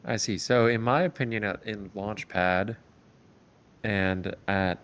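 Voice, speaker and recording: A man coaching a competitive team over voice chat, giving calm, step-by-step strategy advice with frequent "um"s. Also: on the low side, slow. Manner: calm, explanatory, filler-heavy advice. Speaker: esports coach.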